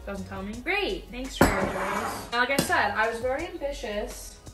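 A woman's voice: a little high, a bit bright. Chatty young woman in an echoey room. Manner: chatty, rambling, blunt. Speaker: vlogger. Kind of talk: casual food taste-test vlog. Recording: echoey room, mic at a distance. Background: faint music.

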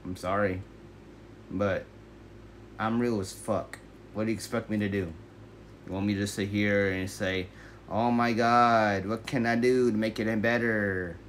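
A man's voice: on the low side, steady tone, a little slow, long pauses, fairly bright tone, slight background noise. A man voicing his own brash, combative alter ego in a self-dialogue skit, swearing and firing off rhetorical questions. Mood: mocking.

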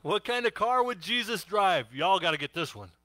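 A man's voice: high-pitched, lively intonation, normal speed, pushed and bright, no room sound. A middle-aged man preaching a sermon, telling jokes and laughing often in a chatty way. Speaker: pastor.

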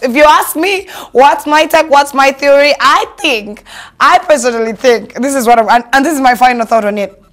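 A young Ugandan woman hosting an entertainment gossip show, sassy and animated, slipping Luganda phrases into her English. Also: fairly high pitch. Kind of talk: casual gossip commentary.

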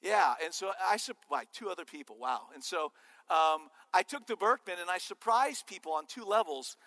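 A male preacher delivers an animated sermon, cracking jokes as he teaches. His voice sits high and sounds bright and forceful. The sound rings with the long reverb of a church hall. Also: moderate pace. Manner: animated and joking. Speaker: pastor. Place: church sanctuary.

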